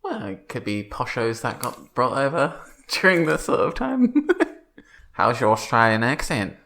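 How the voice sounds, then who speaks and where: A man's voice: medium pitch, very animated, unhurried, fairly bright tone. A man co-hosting a comedy podcast, playful and teasing in casual chat. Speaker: podcast co-host.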